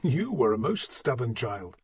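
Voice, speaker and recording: A man voicing a fond elderly priest, gently chiding, husky tone, dry sound. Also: mid-range voice, very animated, unhurried, no room sound, heavily acted.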